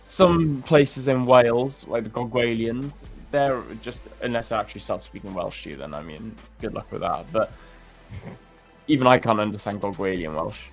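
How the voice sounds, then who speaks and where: A man's voice: mid-range voice, normal speed, soft background music. A young British man chatting casually and joking as a co-host of a livestream. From Britain. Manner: laughing, joking, banter. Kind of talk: casual chat.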